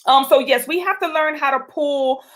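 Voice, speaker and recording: A woman's voice: high voice, moderate pace, a bit bright. A woman hosting a casual advice vlog, talking chattily to viewers with colloquial asides as she answers their questions. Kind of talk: casual relationship advice talk.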